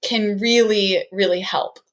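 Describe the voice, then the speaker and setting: A woman of middling pitch speaks as an art teacher and guest on a relaxed podcast. She explains in an expressive, animated way and often acts out the voices of her classroom. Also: slow pace. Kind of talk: casual interview.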